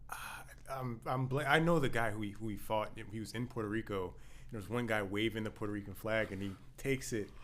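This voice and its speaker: A man hosting a podcast, chatting casually in a quick, rambling way and groping for names as he tells a story. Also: lowish voice, a bit bright. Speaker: podcast host. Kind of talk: casual chat.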